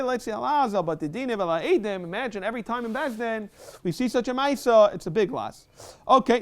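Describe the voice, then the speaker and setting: A man giving a fast Talmud class in a synagogue, reading Hebrew and Aramaic quotes and explaining them in English. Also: very high-pitched. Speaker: rabbi teaching Talmud. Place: synagogue study hall.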